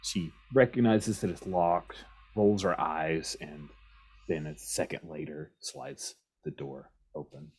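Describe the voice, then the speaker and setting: A man's voice: rumbling low, expressive, takes it slowly, a little mellow, slightly rough. A man narrating as game master in a casual, rambling way.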